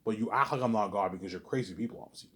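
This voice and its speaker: Young man, lowish voice, rambling stammering vlog monologue, keeps trailing off. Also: very fast, a bit bright. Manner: repetitive, stammering, ends lines with a trailing mumbled "obviously". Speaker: vlogger.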